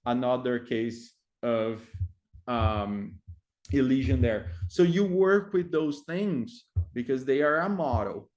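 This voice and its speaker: Man, explaining lessons. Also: medium pitch. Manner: hesitant, many fillers, frequent tag "right?". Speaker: English teacher trainer. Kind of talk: explaining classroom activities.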